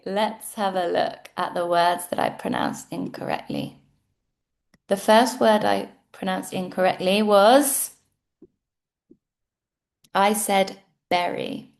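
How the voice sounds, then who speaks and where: A woman with a British accent teaching English pronunciation, saying words slowly and carefully for learners to repeat. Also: mid-range voice, creaky. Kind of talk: pronunciation lesson.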